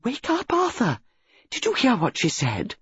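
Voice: mid-range voice, wildly swooping pitch, moderate pace, darkish tone, husky, no room sound, voice pushed up, exaggerated voice. A reader voicing an insistent upper-class English wife who speaks urgently and firmly, in a dull lo-fi storybook recording. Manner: urgent, firm.

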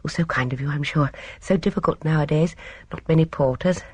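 A woman's voice: low-pitched, a little fast, a little mellow, husky, dry recording. A woman voicing a flustered, twittering elderly spinster in a storybook reading. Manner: fussy, twittering thanks.

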